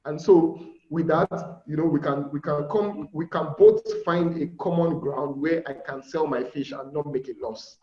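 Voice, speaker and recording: A man's voice: on the high side, normal speed, hardly any pauses. A Nigerian man teaching an informal online class on fish farming, chatty, checking in with listeners and acting out bargaining with buyers. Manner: conversational, checks in often with "all right?", acts out buyer dialogues. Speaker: aquaculture instructor. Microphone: video call. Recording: muffled, echoey call audio.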